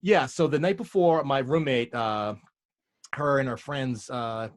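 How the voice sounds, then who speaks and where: A man who plays bass in a band, chatting casually and telling stories with jokes. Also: a little slow. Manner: joking, storytelling. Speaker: band bassist. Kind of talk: casual chat.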